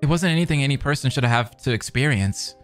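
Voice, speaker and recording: A man reading the part of a composed teenage boy aloud from a visual novel, calm and measured. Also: mid-range voice, smooth, soft background music, lightly acted.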